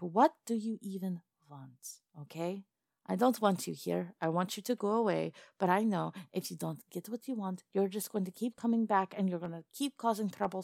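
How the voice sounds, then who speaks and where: A woman's voice: on the low side, vocal fry, a little mellow, no echo, studio quality. A woman voicing a brash, blunt female goblin in a listener role-play audio. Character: gruff tough female goblin, blunt and threatening.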